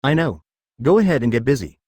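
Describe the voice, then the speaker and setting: A synthetic male narrator voicing a calm, kind young male medic ninja in an audiobook. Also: mid-range voice, fast talker, breathy edge, no echo, studio quality.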